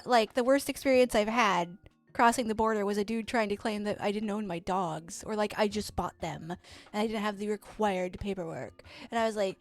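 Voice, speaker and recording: A woman streamer telling a story in a profane, animated rant while she plays a game. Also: fairly high pitch. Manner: profane, animated ranting with quoted exchanges. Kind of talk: casual storytelling while gaming.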